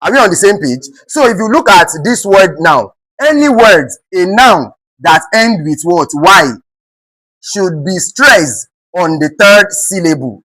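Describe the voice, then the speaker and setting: A man's voice: high voice, animated, a little slow, sharp tone, dry recording, rough recording. A man with a Nigerian accent teaching an exam-prep English lesson, often checking in with rhetorical questions and repeating words for emphasis.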